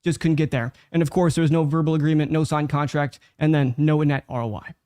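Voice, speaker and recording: A man's voice: a little high, steady tone, fairly quick, warm tone, clean tone, no echo, clean studio sound. A man judging a sales call, giving direct, instructive feedback. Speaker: judge. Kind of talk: critique.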